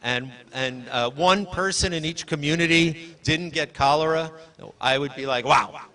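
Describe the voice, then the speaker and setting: A man's voice: fairly high pitch, normal speed, bright, forceful tone. A man giving a live presentation at a library launch, chatty and rambling, often correcting himself and giving directions to his helpers. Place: university event hall.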